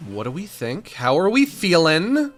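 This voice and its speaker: A man's voice: high voice, huge pitch swings, unhurried, fairly bright tone, soft background music. A man streaming a video game, chatting casually to himself and the characters as he decorates a room. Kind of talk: casual gameplay commentary.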